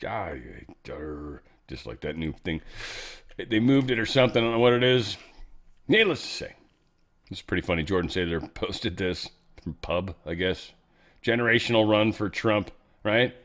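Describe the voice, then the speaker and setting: A man's voice: on the low side, normal speed, long pauses, a bit bright. A man hosting an online commentary show, rambling and joking as he reacts to news clips, trailing off and laughing at himself. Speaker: show host.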